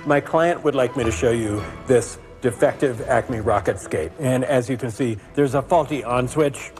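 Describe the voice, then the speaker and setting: An actor playing a down-on-his-luck attorney pleading in court in a comedy film, halting and deadpan, with music playing under the scene. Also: mid-range voice, big-room sound, lightly acted. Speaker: lawyer in court.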